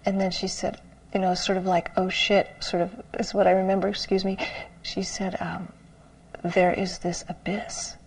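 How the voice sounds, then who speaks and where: A woman meditation teacher giving a dharma talk, telling a student's story in a soft, slow way and often dropping to a whisper. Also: mid-range voice, level tone, breathy edge, poor audio.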